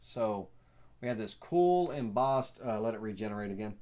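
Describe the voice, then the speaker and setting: A man with a Southern US accent hosting a live software tutorial, rambling and folksy with lots of fillers. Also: fairly low pitch, animated, moderate pace. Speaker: host.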